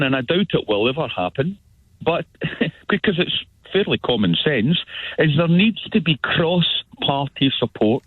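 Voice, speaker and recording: A man's voice: medium pitch, no room sound. A male caller who calls in from abroad, talking in an exasperated, hesitant way with many restarts. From Britain. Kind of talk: phone-in call. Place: at home abroad. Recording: husky tinny phone line.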